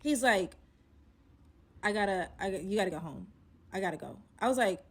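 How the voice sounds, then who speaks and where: A woman spins a personal story in a loose, chatty storytime voice. Her pitch sits in an ordinary middle range. She acts out every quoted line as she goes and leans on slang throughout. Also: animated, normal speed, slightly rough. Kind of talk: casual storytime.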